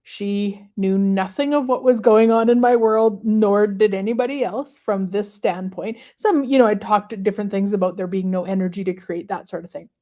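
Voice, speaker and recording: A woman hosting a live stream, talking casually and reflectively to viewers with many pauses and fillers. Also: mid-range voice, steady tone, dark tone. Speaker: host of a manifestation livestream.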